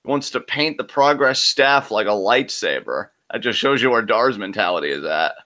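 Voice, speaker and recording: This man, a co-host on a live wrestling reaction show, breaks down the action analytically and makes predictions, peppering them with "I mean." He speaks at normal speed in a lowish, sing-song, bright voice with a forceful tone.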